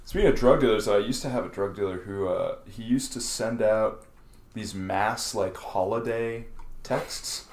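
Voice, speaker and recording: A man's voice: on the low side, unhurried. Young man laughing through stories, roomy sound. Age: 20s. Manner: laughing, swearing, animated storytelling. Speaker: podcast guest. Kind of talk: casual chat. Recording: roomy echo.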